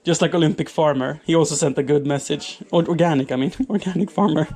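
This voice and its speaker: A male streamer with a slightly high voice chats loosely while he works with his hands. He rambles, restarts his sentences and answers chat messages as they come in. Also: fast, mellow. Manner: chatty, rambling, reads chat aloud, frequent restarts and laughs. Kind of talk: casual live-stream chat while doing chores.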